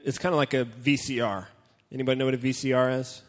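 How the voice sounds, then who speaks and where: A man's voice: medium pitch, fairly even intonation, quick pace. A man preaching a casual, joking sermon to a young crowd, retelling and reading a Bible story with dramatic flair. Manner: joking, dramatic storytelling, reads scripture aloud. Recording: long hall reverb.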